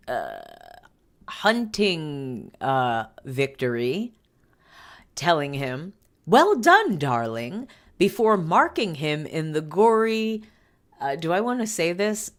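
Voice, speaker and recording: A woman hosting a commentary show, reading a news article aloud and breaking off for wry asides. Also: a bass voice. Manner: wry asides and frequent self-interruptions.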